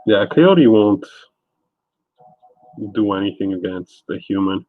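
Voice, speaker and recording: A man with a lowish voice chats loosely with his live-stream viewers as he paints. He rambles from one thought to the next. The sound is thin and phone-like, close and dry. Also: lively intonation, a little slow, dry recording. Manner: rambling, answers chat viewers by name. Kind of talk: casual live-stream chat while painting.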